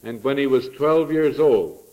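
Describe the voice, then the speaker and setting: A middle-aged man preaching a learned, lecture-style sermon full of asides, with lively swings of pitch and pace for emphasis. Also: unhurried, poor audio. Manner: learned, digressive, with frequent asides. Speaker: preacher or lecturer on the church year.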